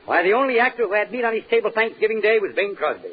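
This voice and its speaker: A man's voice: high voice, animated, racing. A man guesting on a 1940s radio comedy, delivering dry, suave comebacks. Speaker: guest actor. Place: radio studio. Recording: muffled old radio broadcast with heavy hiss.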